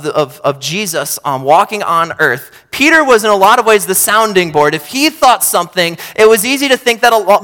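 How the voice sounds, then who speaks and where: A man preaching a sermon, swinging between loud emphatic bursts and quiet low asides. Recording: long hall reverb.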